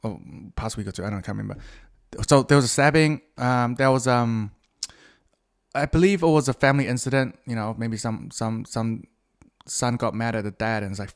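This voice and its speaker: A New Zealand podcast host talks briskly in a medium-pitched, creaky voice on his solo show. His monologue is crude, meandering, and self-mocking, packed with fillers and restarts.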